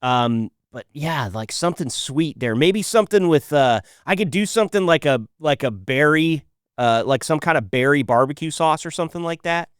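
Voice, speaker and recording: A man's voice: on the high side, animated, moderate pace, smooth, no echo, clean studio sound. A man hosting a podcast in casual chat, joking and thinking aloud with many restarts. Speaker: podcast host.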